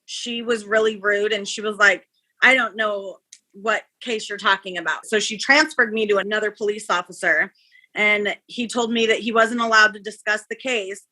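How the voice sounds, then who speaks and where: Bright-voiced woman telling her story. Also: medium pitch, normal speed, low-quality recording. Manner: animated storyteller, acts out quoted people. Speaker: victim's niece, interviewee. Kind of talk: casual recounting.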